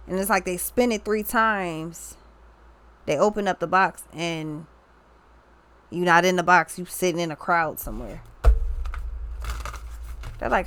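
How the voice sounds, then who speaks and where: A woman's voice: mid-range voice, a little slow, long pauses, fairly bright tone, slight background noise. A young woman talks through a tarot reading in a loose, casual way. She rambles, restarts her thoughts and leans on slang for emphasis. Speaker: tarot reader.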